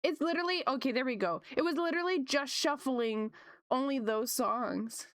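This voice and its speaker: Chatty woman streamer with a smooth, dry voice. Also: normal speed, no room sound. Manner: chatty and upbeat, laughs often, voice jumps high when excited. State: slight cough, sore throat coming on. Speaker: art streamer. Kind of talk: casual chat with live chat viewers.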